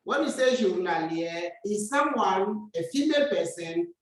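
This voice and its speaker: A woman teaching a lesson, speaking slowly and patiently and repeating words for her learners to practice. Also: mid-range voice, expressive. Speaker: French teacher. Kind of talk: classroom lesson. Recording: very echoey room, far from mic.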